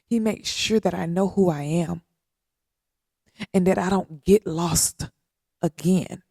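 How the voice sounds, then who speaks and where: Slow, gravelly woman speaking earnestly. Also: fairly low pitch, warm tone, no room sound, studio quality. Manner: earnest, repetitive, with long pauses. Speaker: podcast host. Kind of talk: slow heartfelt faith-based talk.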